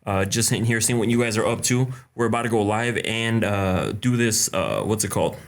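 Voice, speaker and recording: A young man hosting a casual live stream, greeting viewers by name in a relaxed, chatty way and dropping in short Spanish greetings. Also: lowish voice, a little fast. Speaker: live-stream host answering viewer questions.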